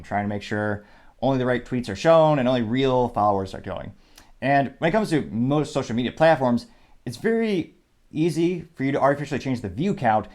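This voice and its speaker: A man hosts a political commentary show with a mixed Midwest and Southern American accent. He explains things in a measured, even way and drifts into frequent asides. His voice sits at a middle pitch for a man. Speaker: show host. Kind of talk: political commentary, reading quotes aloud.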